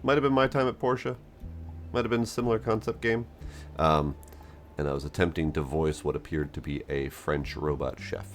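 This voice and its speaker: A man's voice: very deep voice, fairly quick, soft background music. A man casually commenting on a game he is playing, chatty and self-mocking, reading its text aloud. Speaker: gameplay streamer. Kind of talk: casual let's-play commentary.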